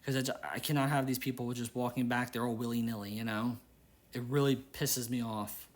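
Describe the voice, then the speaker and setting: A man's voice: medium pitch, fairly even intonation, fairly quick, a little hiss or hum. A young man hosting a game channel, rambling and exasperated as he vents about work while playing. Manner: rambling, exasperated, repeats himself. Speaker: gaming channel host. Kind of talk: casual gameplay commentary with venting.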